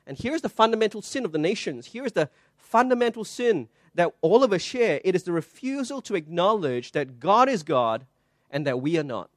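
In a church, a male pastor preaches a sermon in a notably high voice, captured dry with no echo or room sound. He tells stories, acts out the voices of their characters, and poses rhetorical questions to his listeners.

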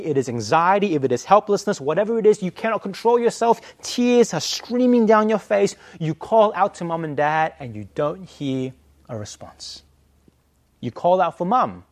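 Male pastor, fairly high voice, dramatic storytelling sermon, swings from hushed to emphatic. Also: no room sound.

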